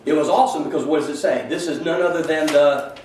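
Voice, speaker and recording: A man's voice: on the high side, quick pace, a little mellow. A man teaching a conversational Bible class in a church classroom, thinking aloud and putting questions to the class. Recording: very echoey room, mic far off, faint hiss.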